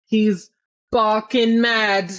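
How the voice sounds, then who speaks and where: A woman cohosting a podcast, recapping a book in a casual, animated and profane way. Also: medium pitch, drawn-out words, dull audio.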